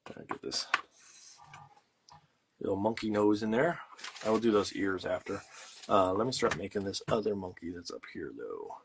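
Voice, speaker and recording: A man's voice: fairly low pitch, expressive, moderate pace, pauses often, a little hiss or hum. A man hosting a casual livestream from a home studio, explaining things in a rambling way with plenty of fillers while he works on art. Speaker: host.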